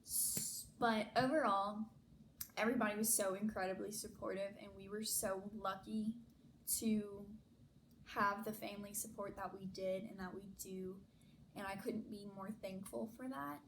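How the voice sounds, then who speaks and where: A young woman talks straight to her camera in a casual storytime vlog. She is chatty and animated and fills her sentences with "like". A faint hum sits under her voice. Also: mid-range voice, moderate pace, poor audio. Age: young adult. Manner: chatty, many "like" fillers, animated retelling. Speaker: vlogger.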